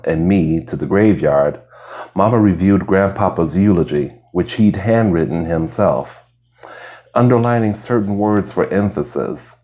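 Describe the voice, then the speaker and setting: A man with a very low voice reads essays aloud for ASMR listeners. His delivery is slow and hushed, drifting into whispers at times, on a plain lo-fi recording. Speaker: reader. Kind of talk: soft ASMR reading of essays. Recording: lo-fi home recording.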